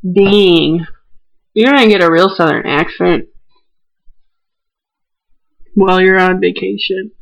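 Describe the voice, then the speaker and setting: A woman's voice: on the low side, vocal fry, muffled recording. Blunt, teasing woman co-host. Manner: blunt, teasing, quick to joke. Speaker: podcast co-host. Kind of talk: casual chat.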